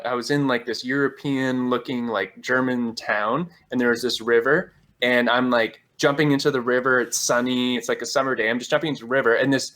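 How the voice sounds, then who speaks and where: A man's voice: medium pitch, a bit bright. A man guest on a call-in talk show, telling a personal story in a rambling way with many "like" fillers. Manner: rambling, heavy use of "like" fillers.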